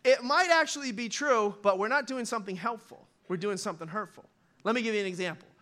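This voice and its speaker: A middle-aged man preaching a sermon in a loose, conversational way, talking straight to his congregation and now and then acting out short voices. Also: sits high. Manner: animated, conversational, acts out quick voices. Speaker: pastor.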